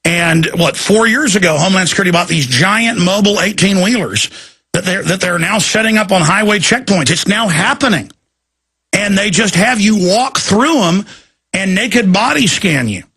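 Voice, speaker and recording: A man hosting a talk show, delivering a heated, sarcastic political rant that often breaks into shouting. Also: sits high, expressive, moderate pace, slightly rough.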